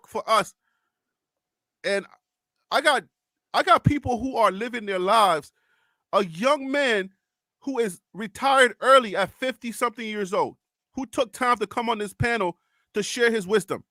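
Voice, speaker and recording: A man's voice: very high voice, measured pace, long pauses, bright, forceful tone, no room sound, clean studio sound. A man hosting a livestream panel, talking emotionally and passionately, often repeating himself in a preacher-like cadence. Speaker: livestream host.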